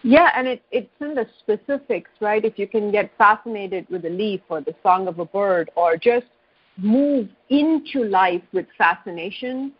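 Thoughtful female call-in host, breathy tone, dry lo-fi broadcast. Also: mid-range voice, moderate pace, dry recording. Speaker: radio host. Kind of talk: call-in radio talk. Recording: dry, dull lo-fi radio sound.

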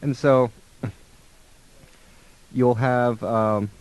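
A man delivers a conversational spiritual talk on relationships, slipping into the voices of people in his stories. His medium-pitched, darkish voice is fairly even in intonation and very slow.

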